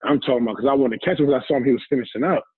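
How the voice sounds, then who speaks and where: A man in a relaxed interview drifts through a personal story, acting out what people said along the way. He comes through a narrow, phone-like line that is completely dry. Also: mid-range voice, rapid-fire, breathy edge, dry recording. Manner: easygoing, rambling, recounts scenes with quoted dialogue. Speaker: guest, former football player. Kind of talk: casual storytelling.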